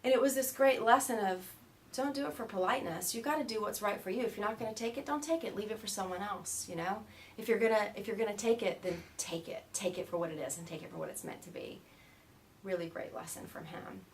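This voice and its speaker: American woman, interview guest, animated storyteller who laughs easily and imitates voices. Middle pitch, mic a bit distant, faint noise behind. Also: fast talker.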